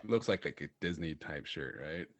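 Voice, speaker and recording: A man with a deep, low-pitched voice chats on a podcast. He tells animated stories and laughs often, and the sound is dry and close. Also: normal speed, no room sound. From Utah. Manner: animated storyteller, laughs often, many fillers. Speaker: podcast co-host. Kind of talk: casual chat, storytelling.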